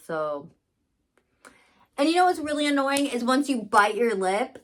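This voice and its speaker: A young woman chatting casually in a storytime vlog, giggling and acting out her own thoughts with dramatic flair. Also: medium pitch. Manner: animated, giggly, dramatic inner monologue. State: just bit her lip, bleeding. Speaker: massage therapist and vlogger. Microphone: phone camera.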